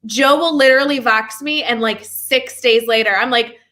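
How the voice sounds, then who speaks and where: Upbeat teacher lady on a podcast, high-ish bright voice, fast and lively. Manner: quick, animated, acts out quotes. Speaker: guest, educator and author. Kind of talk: casual chat.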